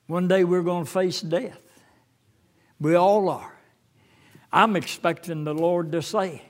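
Older pastor guy, high voice, slow and halting sermon, gets fervent quoting scripture. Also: steady tone.

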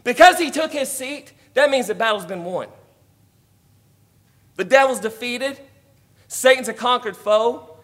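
High-voiced preacher swinging loud to soft. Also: male voice, animated, measured pace, long pauses. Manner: rising to emphatic, loud declarations, then dropping to quiet asides. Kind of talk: sermon.

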